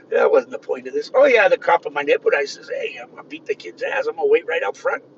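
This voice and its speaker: Gruff, gravelly man in his fifties. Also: a little high, big pitch swings, fairly quick, slight background noise. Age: 50s. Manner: gruff, swings from loud to muttering. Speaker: vlogger. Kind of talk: rambling personal storytelling. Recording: distant, dull lo-fi with faint ambience.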